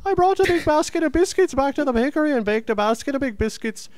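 A man putting on an exaggerated Irish accent, rattling off a long tongue twister at a high, breathless clip. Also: expressive, fast talker, dry recording. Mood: gleeful. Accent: put-on Irish.

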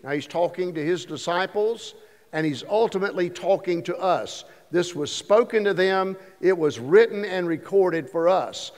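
A man preaching as pastor, slowing down to stress the scripture he quotes. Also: high voice, lively intonation. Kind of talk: sermon. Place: church sanctuary. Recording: long reverb of a church hall.

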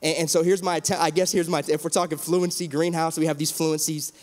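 A man's voice: a little high, level tone, a little fast. A man in his thirties, a pastor, speaking earnestly and emotionally in a panel discussion, often restarting his sentences. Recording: long hall reverb.

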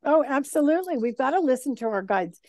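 A woman's voice: high voice, fast talker, dry recording, studio quality. A woman as an interview guest, chatting casually and acting out little voices as she tells stories. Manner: animated storyteller who acts out voices. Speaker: guest talking about spirit guides.

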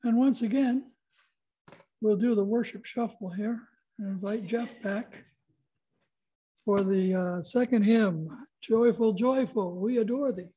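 A pastor leads a worship service, introducing the next reading and hymn in a relaxed, informal way. His voice is mellow and unhurried, and it sounds distant from the mic. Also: high voice, husky.

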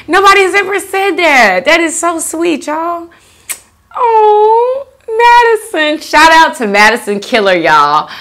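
A woman's voice: extremely high pitch, sing-song, takes it slowly, fairly bright tone. A young woman hosting a food video, casually chatting as she reads out viewer comments, laughing often and talking in easygoing slang. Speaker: mukbang host reading viewer comments. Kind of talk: casual chat reading out comments.

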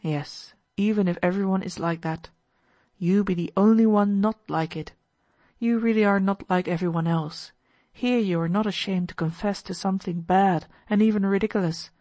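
A woman voicing a gentle, earnest young man in an audiobook, speaking calmly and sincerely. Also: mid-range voice, normal speed, no echo, lightly acted. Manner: calm, kind, sincere counsel. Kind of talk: audiobook character voice.

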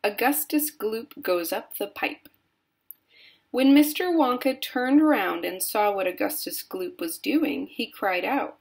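A woman reading a children's book aloud slowly and expressively. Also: medium pitch, gravelly. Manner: slow, steady, expressive reading. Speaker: storyteller.

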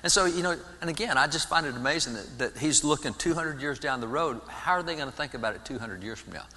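A man giving an animated sermon-style history talk in a church, often restarting his words. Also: on the high side, fast. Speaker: guest speaker on history. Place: large church sanctuary. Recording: long church reverb.

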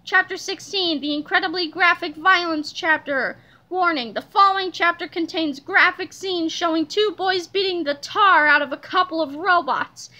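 A woman reading a children's book aloud in an animated, playful way. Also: extremely high pitch. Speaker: reader.

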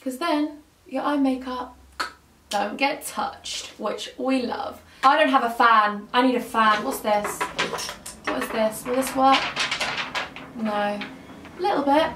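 Young woman vlogger, high-ish voice, gushing and slangy, on the verge of tears, echoey room a bit off-mic. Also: takes it slowly, long pauses, far from the mic, noisy background. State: emotional, near tears. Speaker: beauty vlogger. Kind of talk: casual makeup tutorial chat. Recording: roomy echo, slightly off-mic.

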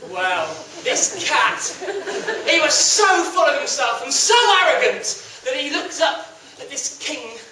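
A young man storyteller telling a folk tale to a live audience in a lively, animated way. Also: very high voice, normal speed, hardly any pauses, noisy background. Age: young adult. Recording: echoey hall from a distance.

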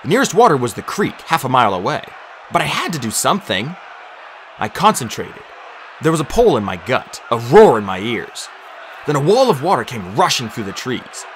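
A man narrating an audiobook in an animated, dramatic reading style. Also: medium pitch, moderate pace, a little hiss or hum. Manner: animated, acts out shouted lines.

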